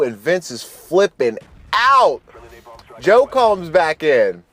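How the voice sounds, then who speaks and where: A man in his thirties telling a casual story over gameplay as host of his channel, in a relaxed, slangy and profane way with frequent restarts. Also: fairly high pitch, slow pace.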